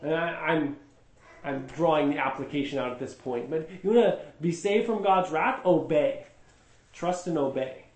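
A man's voice: a little high, moderate pace. Man, teacher, emphatic, rhetorical questions, roomy echo. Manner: emphatic, explains word by word, asks rhetorical questions. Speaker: Bible study teacher. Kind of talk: teaching a group Bible study. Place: indoor room with a group. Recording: echoey room.

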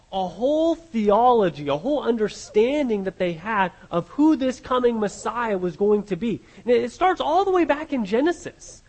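A man's voice: sits high, low-quality recording. A man preaching a sermon as pastor, earnest and often repeating words as he restarts his phrases.

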